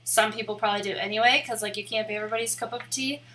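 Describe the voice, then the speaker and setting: Bright, giggly young woman rambling. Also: mid-range voice, fairly even intonation, very fast. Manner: rambling and giggly, heavy use of "like". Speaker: live streamer and photographer. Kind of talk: casual chat on a live stream.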